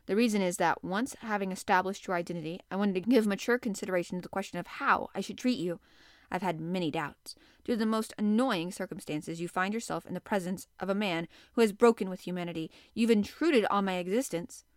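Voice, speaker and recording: A woman reading as a calm, commanding sea captain. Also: mid-range voice, no echo, clean studio sound, lightly acted. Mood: grave. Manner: measured, formal and composed.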